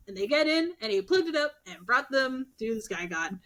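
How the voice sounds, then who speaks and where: Young woman telling myths on a podcast, jumps into the characters' voices, kinda high pitched. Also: a little fast, few pauses. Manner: animated, acts out characters' lines with swearing and laughs. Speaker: podcast co-host. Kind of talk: casual storytelling chat.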